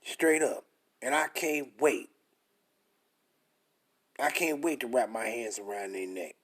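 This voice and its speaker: A young man preaching and reading scripture aloud, emphatic and blunt, dropping into a slow, deliberate pace for the verses. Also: medium pitch, fairly bright tone. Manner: emphatic, blunt and profane, slows way down to read verses. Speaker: scripture teacher.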